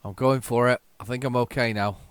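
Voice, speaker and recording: A man giving casual, excitable, self-mocking commentary while playing an old computer game. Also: mid-range voice, fairly quick, clear, resonant tone, dry recording. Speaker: retro game tape reviewer.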